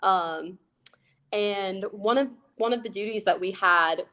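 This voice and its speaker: A young woman, an aquarist, telling a funny work story in a bubbly, excitable, casual way with plenty of fillers. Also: medium pitch, takes it slowly. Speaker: aquarist guest.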